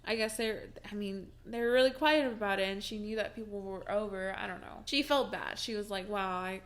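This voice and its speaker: A young woman with a mid-range voice vlogs from home, telling a personal story at a fairly quick clip. Her delivery is casual and chatty, full of fillers and restarts, and she keeps breaking into laughter.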